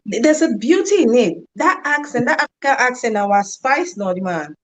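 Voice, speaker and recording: A woman's voice: on the high side, expressive, normal speed. A woman hosting a casual interview, upbeat and effusive, often laughing. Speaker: talk show host.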